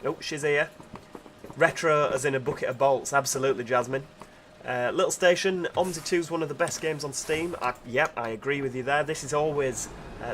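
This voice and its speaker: Over heavy background noise, a man with a mid-range voice chats casually while streaming a game. He greets viewers and reads their chat messages aloud as he drives.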